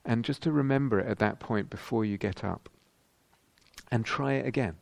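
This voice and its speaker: A man's voice: mid-range voice, normal speed, creaky, no room sound. A middle-aged man giving a dharma talk as a meditation teacher, reflective and searching, with frequent ums and rhetorical questions.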